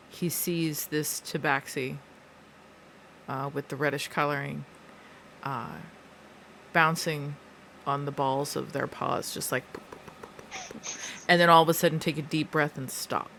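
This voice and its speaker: Relaxed tabletop player describing the action. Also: medium pitch, unhurried, creaky, long pauses, slight background noise. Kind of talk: tabletop role-play.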